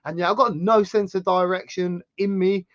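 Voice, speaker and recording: An English man with a sore throat, telling a travel story in casual chat as a channel host, animated and rambling. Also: normal speed, dry recording, highs cut off. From England. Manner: chatty storyteller, animated swings in pitch and loudness.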